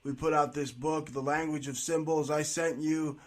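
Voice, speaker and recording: A man's voice: on the high side, steady tone, normal speed. A man hosting an interview, talking eagerly with lots of restarts and stammers. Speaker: interview host. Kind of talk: conversational interview.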